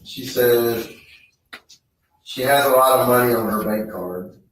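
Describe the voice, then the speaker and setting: A man testifying in court, reading text messages aloud in a flat, halting way. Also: mid-range voice, a little hiss or hum. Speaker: trial witness reading messages. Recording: echoey courtroom audio from far off.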